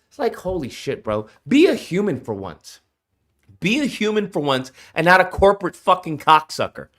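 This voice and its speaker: A man's voice: on the high side, very animated, moderate pace, a bit bright. A man streaming a reaction, ranting heatedly and profanely to his viewers. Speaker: streamer reacting to a game showcase. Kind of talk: casual reaction rant.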